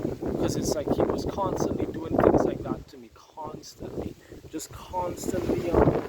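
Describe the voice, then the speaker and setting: A young man telling a personal story to camera, animated as he quotes his father and himself. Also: high-pitched, gravelly. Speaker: vlogger. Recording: loud wind and background noise on mic.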